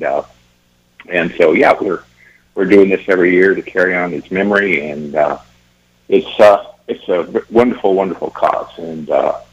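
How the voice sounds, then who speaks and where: A man guest on a radio talk show, talking casually and haltingly with many fillers. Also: low voice, breathy edge. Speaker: event organizer guest. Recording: dull lo-fi radio audio.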